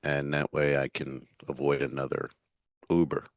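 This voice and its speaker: Low gravelly guy riffing on a comedy podcast, swears a lot, dry close sound. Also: moderate pace, dry recording. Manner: profane, animated storytelling. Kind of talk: casual chat.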